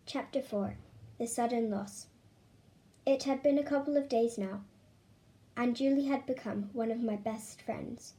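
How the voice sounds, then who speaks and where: A woman reading a story aloud with expressive, emotional delivery. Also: a little high, a little slow. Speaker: reader. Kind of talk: storybook narration.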